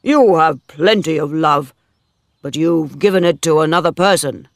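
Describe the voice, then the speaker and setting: A man's voice: on the high side, moderate pace, vocal fry, no echo, studio quality. Man reading as a jealous, anguished farmer. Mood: accusing. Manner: forceful, anguished. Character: wounded older male farmer, jealous and intense. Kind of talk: dramatic story reading.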